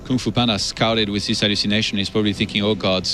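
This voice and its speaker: A man commenting on a live esports match, analytical and steady as he breaks down each player's position. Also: fairly low pitch, racing, soft background music. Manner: analytical, breaks down the game state.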